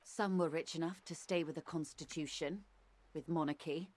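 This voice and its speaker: An actress voicing a composed, worldly woman who explains politics in a measured, dry way. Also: deep voice, fairly even intonation, darkish tone. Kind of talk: game voice acting.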